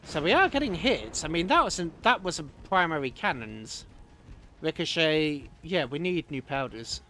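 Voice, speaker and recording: Lively man commentating a game live. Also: fairly high pitch, normal speed, a little hiss or hum. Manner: chatty, reacting aloud to the battle. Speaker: streamer.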